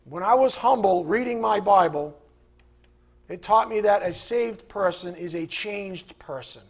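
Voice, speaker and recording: Fiery middle-aged male preacher, gravelly and husky, high-pitched, shouts at his peak. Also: a little slow. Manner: fiery, rising to angry shouting. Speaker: preacher teaching a Bible class. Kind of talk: sermon.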